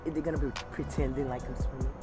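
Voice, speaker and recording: A woman's voice: rumbling low, fairly even intonation, fast talker, over music. A middle-aged woman, chatting nervously as an interview guest, stumbling and restarting often. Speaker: guest, TV host. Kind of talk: casual interview chat.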